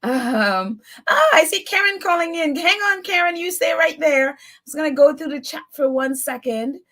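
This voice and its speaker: A woman's voice: high voice, animated, normal speed, a bit bright. A woman hosting a live call-in chat, reading viewer comments and giving her opinions, laughing often. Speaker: host.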